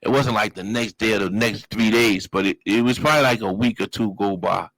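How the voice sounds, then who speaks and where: Telling his life story as a guest, a Brooklyn man speaks briskly in a fairly low voice, animated and profane, with street slang and sound effects made with his voice. It's casual storytelling on a low-quality recording.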